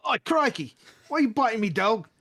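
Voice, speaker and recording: A man voicing a grumpy character in a crude put-on Australian accent, loud and high. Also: very animated, brisk, exaggerated voice. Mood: annoyed.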